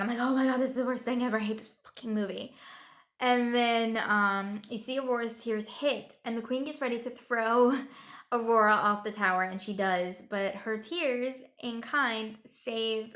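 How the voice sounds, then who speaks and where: A woman's voice: medium pitch, fairly bright tone. A young woman giving a casual, rambling movie review. She retells the plot emotionally, with lots of fillers, and sounds tired.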